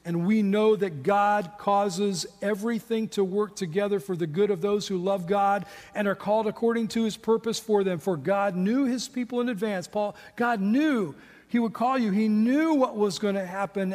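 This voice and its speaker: Impassioned high-voiced male preacher in a reverberant hall. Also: unhurried. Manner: impassioned preaching, rising to high emphatic peaks, then quiet in prayer. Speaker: pastor. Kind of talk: sermon. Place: church sanctuary. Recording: long reverb of a large hall.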